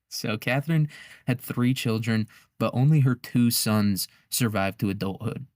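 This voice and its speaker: A man's voice: mid-range voice, measured pace, a little mellow, dry recording, studio quality. A man hosting a podcast, telling history as a casual comedic monologue, rambling and swearing, with frequent laughter. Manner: profane, rambling, laughs often. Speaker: podcast host.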